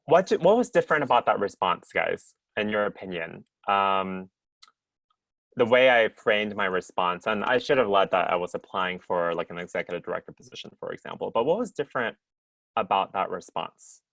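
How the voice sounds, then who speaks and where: An upbeat man with a fairly low voice leads an online workshop over a video call. He talks in a chatty, encouraging way and keeps checking in with his listeners. The sound is dry and close, with no room around it. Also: expressive, normal speed, vocal fry, fairly bright tone, no echo. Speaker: workshop presenter. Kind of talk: interactive online workshop teaching.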